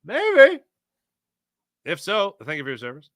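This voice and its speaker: A man's voice: mid-range voice, normal speed, dry recording, clean studio sound. A man hosting a casual sports talk show, reading viewer chat and telling stories in a chatty way with frequent laughs. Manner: animated, chatty, laughs often, storytelling.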